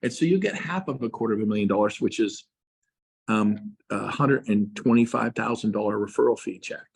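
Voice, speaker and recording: A middle-aged man, a realtor, giving a passionate motivational talk with emphatic repeats and big swings in pitch and loudness. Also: fairly quick, creaky, husky. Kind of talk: fired-up motivational speech.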